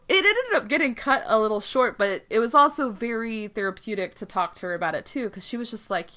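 A woman co-hosting a podcast in casual chat, telling a story with lively quoted voices, frequent laughter and swearing. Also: a little high, fairly quick, few pauses. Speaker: podcast co-host.

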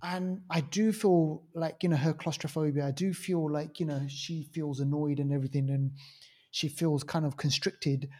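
A man's voice: a little high, fairly even intonation, normal speed, a little mellow. A man co-hosting a film review podcast, talking casually and enthusiastically with many fillers. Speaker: podcast co-host reviewing films. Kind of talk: casual chat.

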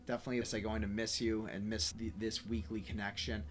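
A man's voice: on the low side, flat delivery, fast. Upbeat man chatting on a podcast. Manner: upbeat, reflective, swears freely. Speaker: podcast co-host. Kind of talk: casual chat.

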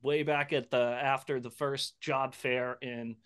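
A man's voice: medium pitch, level tone, measured pace, a bit bright, clean tone. A man co-hosting a podcast, chatting casually and telling stories with frequent laughter. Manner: laughing storyteller. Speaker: podcast co-host. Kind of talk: casual chat.

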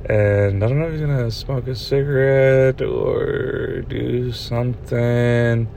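A man's voice: mid-range voice, steady tone, takes it slowly, vocal fry, mellow. A young man rambles through a story as a casual podcast host, swearing freely and stumbling over restarts. He talks from inside a parked vehicle, with a faint hum of ambient noise behind him. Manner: rambling and profane, many restarts.

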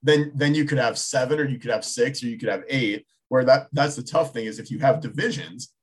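A man in his thirties talking sports in a loose, casual way. His voice has a husky edge. He circles his points, restarting and rephrasing as he goes. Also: mid-range voice, fairly quick. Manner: rambling, many restarts, thinking aloud. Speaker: sports talk show co-host.

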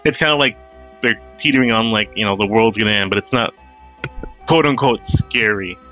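A man's voice: fairly low pitch, quick pace, pushed and bright, soft background music, low-quality recording. A man co-hosting a podcast in casual chat, hedging his points with lots of filler words. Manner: hedging, many fillers like 'you know'. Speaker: podcast co-host.

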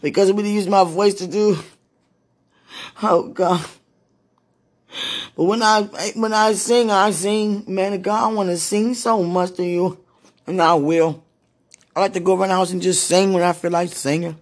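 A woman with a hoarse, husky voice, worn from preaching and crying, talking casually to God in a prayerful monologue and calling out to him between sentences. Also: mid-range voice, steady tone, normal speed, pauses often. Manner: talks to God aloud, breaks into moans and exclamations. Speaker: street preacher.

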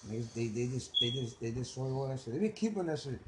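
A man's voice: mid-range voice, expressive, quick pace, background noise. A young man with a New York accent, co-hosting a casual podcast and telling a story in loose, profane street slang. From the Bronx, New York. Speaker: podcast co-host.

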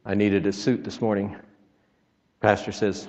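Low-voiced folksy male preacher in a reverberant hall. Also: level tone, measured pace, a little mellow. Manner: folksy, joking asides, quotes scripture. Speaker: traveling preacher. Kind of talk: sermon. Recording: reverberant, dull lo-fi sound.

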